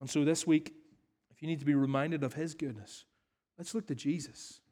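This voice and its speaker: A man's voice: on the high side, fairly even intonation, moderate pace, mellow. A male pastor preaching an earnest sermon, repeating key phrases for emphasis and then leading a prayer. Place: church hall.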